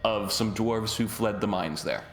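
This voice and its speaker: A man's voice: fairly low pitch, measured pace, echoey room, faint music behind. A man playing in a tabletop game, stumbling and restarting his sentences. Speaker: player. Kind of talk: casual tabletop play.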